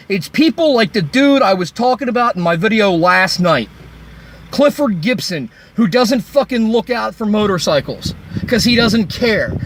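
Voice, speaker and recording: This male vlogger has a high, fairly bright voice, and there's slight noise in the background. He's by a road, angrily ranting into his phone with loads of swearing and biting sarcasm.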